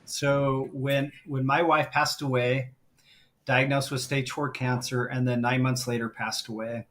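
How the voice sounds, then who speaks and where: A man's voice: mid-range voice, little pitch movement, a little slow, fairly bright tone, slight background noise. A middle-aged man speaking as a guest on a live stream, telling a heartfelt story and getting emotional as he talks. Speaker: guest, grief coach.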